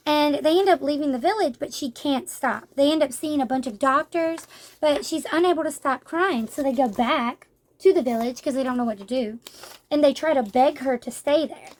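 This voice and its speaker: A woman's voice: sits high, moderate pace. A woman casually retelling and reviewing a manga in a chatty, rambling way, with frequent fillers.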